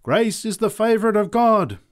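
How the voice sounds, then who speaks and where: A man voicing a fiery woman street preacher who cries out and screams her warnings, pitched far above his own voice and loud. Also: big pitch swings, normal speed. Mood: preaching.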